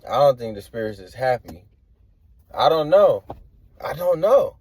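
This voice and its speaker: A man's voice: medium pitch, very animated, measured pace, darkish tone, husky. A man giving a casual tarot reading, rambling and hedging with slangy filler talk. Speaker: tarot reader.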